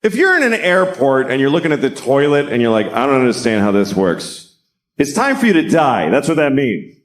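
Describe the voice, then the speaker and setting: Deadpan, profane middle-aged man doing stand-up. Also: a little high, brisk. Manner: deadpan, profane, building to shouted rants. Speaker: stand-up comedian. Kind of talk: stand-up comedy set. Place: comedy stage before a live audience.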